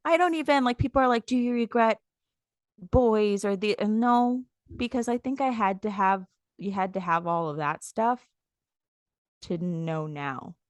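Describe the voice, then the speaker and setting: Animated woman telling stories on a podcast. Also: mid-range voice, moderate pace, dry recording, studio quality. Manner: animated storyteller, acts out quotes loudly. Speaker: podcast co-host. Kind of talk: casual chat.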